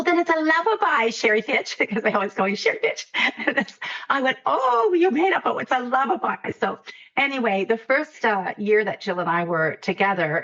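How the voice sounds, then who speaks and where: A woman author telling a personal story in a halting, repeating way with frequent laughs, then reading her own poem aloud, heard over a video call. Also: medium pitch, muffled recording. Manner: warm, halting, laughs often, repeats words. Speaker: poet and author guest.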